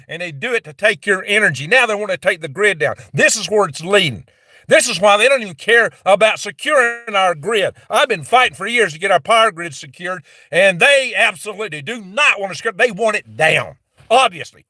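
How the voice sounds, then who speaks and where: Guy ranting hard on his live stream, kinda high voice, dry close mic. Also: pushed and bright, no room sound. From American West. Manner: heated, ranting, mocking quoted voices. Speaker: channel host.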